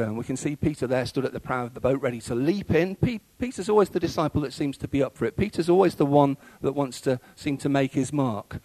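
A man's voice: medium pitch, a little fast, hardly any pauses, dark tone, no room sound, poor audio. A man preaching a sermon in a conversational way, with frequent fillers and restarts.

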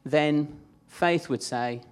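A man's voice: fairly high pitch, drawn-out words, clear, resonant tone. A man preaching a sermon in a chatty, conversational way, acting out the voices he quotes.

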